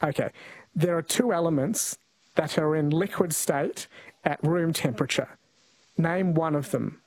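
Chatty radio quiz host, dry studio sound. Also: male voice, a little high, unhurried, no echo, low-quality recording. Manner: chatty, apologetic, corrects himself often. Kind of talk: casual talkback radio chat.

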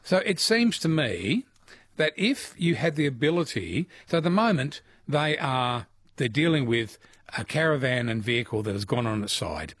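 A man with an Australian accent, hosting talkback radio in a chatty, quick manner from a studio mic. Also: mid-range voice, sing-song, fairly bright tone, breathy edge. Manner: chatty, quick, laughs often. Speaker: radio host.

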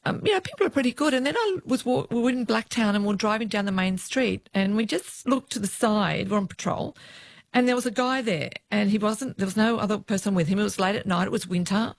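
A woman, a former police officer, telling lively stories about her work in an interview. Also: mid-range voice, fairly quick, dry recording. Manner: lively storyteller who acts out the voices of others.

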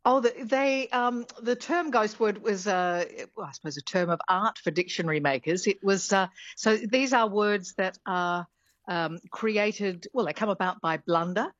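A woman's voice: medium pitch, moderate pace, no room sound, lo-fi sound. A middle-aged woman, a linguistics professor explaining words in a radio interview, thinking aloud as she goes.

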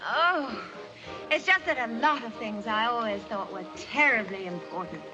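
A woman's voice: fairly high pitch, normal speed, lightly acted, low-quality recording. An actress as a breezy society woman in an old film. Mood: wistful. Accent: mid-Atlantic. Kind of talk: 1940s film acting. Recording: old film soundtrack with clear music.

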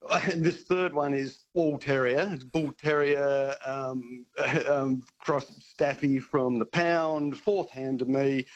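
A man's voice: medium pitch, steady tone, takes it slowly, few pauses, rough recording. A man calling in to a radio show, blunt and enthusiastic. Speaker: caller. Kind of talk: talkback radio call.

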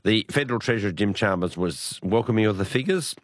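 A man with an Australian accent hosting late-night radio, hoarse from a cold, chatty and correcting himself as he goes. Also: lowish voice, quick pace, no echo, studio quality. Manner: chatty, self-correcting, relaxed. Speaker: radio host. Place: radio studio. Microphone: studio microphone.

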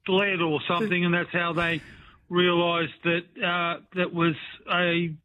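A man's voice: sits high, little pitch movement, measured pace, slight background noise. A man calling in to a radio quiz, answering politely and thoughtfully over the phone. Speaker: caller. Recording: tinny phone line.

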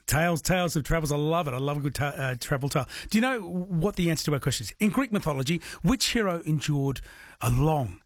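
A chatty man hosting an overnight radio quiz, his voice sitting a little high and carrying a husky edge. He jokes easily with callers, and the sound is close and dry. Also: animated, fast talker, no echo. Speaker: radio host. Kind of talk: late-night radio quiz chat.

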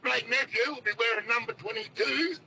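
A man's voice: very high voice, brisk, vocal fry. A man with an Australian accent calling in to talkback radio over the phone, rambling and saying mate a lot. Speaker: caller. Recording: phone call with faint noise.

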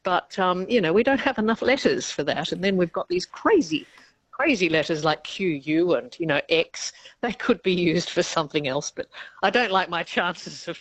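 A woman's voice: fairly low pitch, animated, normal speed, dry recording. A woman professor of linguistics answering radio interview questions in a chatty, explanatory way, laughing often mid-sentence.

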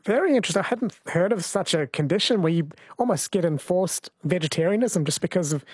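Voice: mid-range voice, animated, brisk, slightly rough, no room sound. A host in a casual conversation, asking curious follow-up questions. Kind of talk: casual radio-style conversation.

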